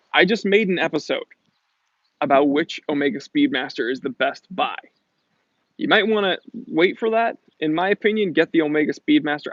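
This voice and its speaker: Chatty gravelly man hosting a live Q&A. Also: fairly high pitch, no echo, dull audio. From New England. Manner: chatty and joking, reads out viewer comments. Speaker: livestream host answering chat questions. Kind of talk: casual live Q&A chat.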